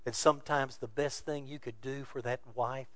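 A male pastor preaching a sermon, earnest and exhorting, his voice swinging from soft to loud. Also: mid-range voice, steady tone, moderate pace, no room sound.

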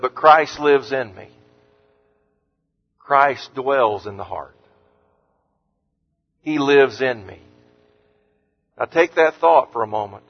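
A man preaching an earnest sermon as pastor, lifting his voice on scripture quotes and dropping low and soft on words of comfort. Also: animated, slow, pauses often, husky. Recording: muffled sound with long hall reverb.

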